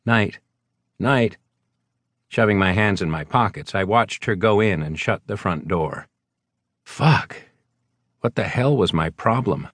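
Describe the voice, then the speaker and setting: A man reading a first-person novel as an audiobook narrator, measured and wry. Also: sits low, fairly bright tone, no echo, clean studio sound.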